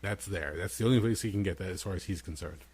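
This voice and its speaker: A man co-hosting a casual podcast, telling lively family stories and imitating his young son in a high voice. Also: fast, breathy edge. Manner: animated storyteller, acts out his toddler son in a high voice. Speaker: podcast co-host. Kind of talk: casual chat, storytelling.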